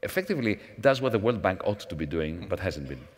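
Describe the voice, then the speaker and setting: Low-voiced man in a reverberant hall. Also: big pitch swings. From Greece. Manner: measured, professorial, with false starts. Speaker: panel guest, former finance minister. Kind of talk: onstage panel conversation. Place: large conference hall.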